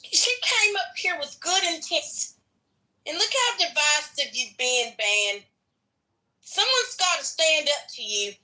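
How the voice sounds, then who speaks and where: A high-pitched woman talks slowly, her tone mocking and sarcastic. Her pitch swings widely and her voice is bright. It sounds like a casual panel chat. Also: very animated, poor audio.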